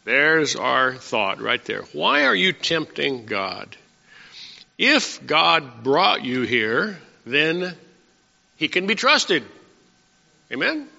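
Male preacher, bright voice a bit high, chatty Bible-study delivery, echoing church hall. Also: very animated, drawn-out words, vocal fry. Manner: conversational, asks the congregation questions. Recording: muffled sound with long hall reverb.

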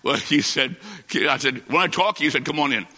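Folksy male preacher, bright and forceful tone, dull roomy hall recording. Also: mid-range voice, animated. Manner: folksy, emphatic, speeds up and slows for stress. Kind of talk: evangelistic sermon with storytelling.

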